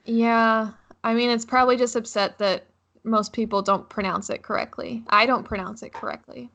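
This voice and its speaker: A woman's voice: fairly high pitch, fairly even intonation, normal speed, gravelly, fairly bright tone. A young woman co-hosting a casual chat podcast, giggly and prone to tangents. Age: young adult. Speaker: podcast co-host.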